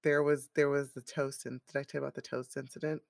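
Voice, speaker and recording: Woman, 30s, mom co-host. Gravelly, dry-miked, animated storyteller who laughs often. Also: extremely low pitch, quick pace, no room sound. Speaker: podcast co-host. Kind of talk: casual chat.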